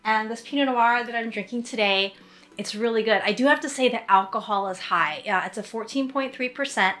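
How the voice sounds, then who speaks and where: A woman's voice: on the high side, fairly quick, fairly bright tone. A woman hosting an author commentary segment, chatting casually and enthusiastically. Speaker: author and host. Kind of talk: casual chat.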